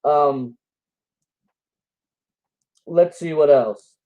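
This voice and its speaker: A man's voice: on the high side, very slow, darkish tone, rough recording. A man delivers a casual reaction commentary, combative and dismissive. He rambles and restarts his sentences, with scoffing laughs slipping in between his points. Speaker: religious commentator reacting to videos.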